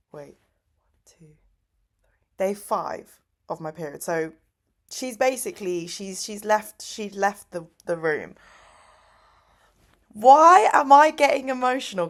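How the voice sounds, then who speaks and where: A young woman vlogger talks late at night into her laptop mic for a diary-style vlog, her voice low and creaky. She's chatty and teary, laughs often, and says "like" a lot.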